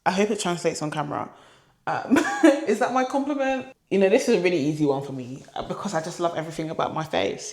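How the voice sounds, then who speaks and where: A woman's voice: mid-range voice, darkish tone, roomy sound. A young woman vlogger in casual, candid talk to camera, emotional and open, with many fillers. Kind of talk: casual reflective chat to camera.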